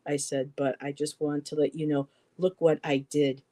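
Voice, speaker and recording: A middle-aged man telling a personal story in a halting way, repeating words and quoting what others said. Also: on the high side, level tone, mellow. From western New York, US. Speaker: poetry show co-host.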